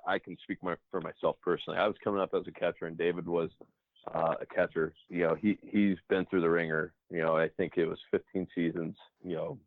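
A man's voice: low voice, no room sound. A man telling baseball stories in a casual interview, acting out the dialogue. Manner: animated anecdotes, acts out dialogue. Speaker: professional baseball player. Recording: tinny phone-like line.

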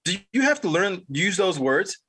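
A woman's voice: fairly low pitch, sing-song, moderate pace, a bit bright, husky, pitched above the performer's own voice, full character voice. A man putting on the voice of his indignant elderly mother as he tells a story, scolding him in a raised, disapproving tone. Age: older.

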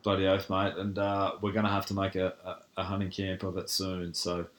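A man's voice: sits low, monotone, a little fast, fairly bright tone. An Australian man hosting a podcast, chatting casually and calling his guest mate. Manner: laid-back, says mate a lot. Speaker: podcast host.

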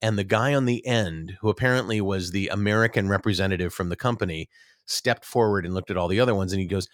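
A man's voice: lowish voice, fast talker, no echo, clean studio sound. A middle-aged man, an actor, telling rambling, self-deprecating stories in a casual interview, with many restarts.

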